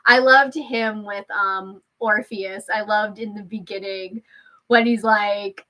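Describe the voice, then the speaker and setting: A woman's voice: fairly high pitch, lively intonation, normal speed, bright, forceful tone. A young woman hosting a casual chat, chatty and laughing often, swearing freely as she talks. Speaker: host.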